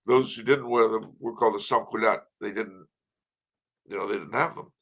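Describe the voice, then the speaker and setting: A man's voice: fairly low pitch, normal speed, fairly bright tone. An older man on a call, a guest telling wry anecdotes in a courtly manner. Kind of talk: casual chat, telling jokes.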